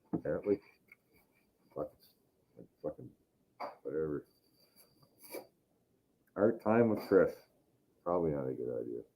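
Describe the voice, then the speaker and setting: A man's voice: a bass voice, husky, lo-fi sound. A man hosting a casual podcast chat, rambling and swearing heavily. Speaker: podcast host.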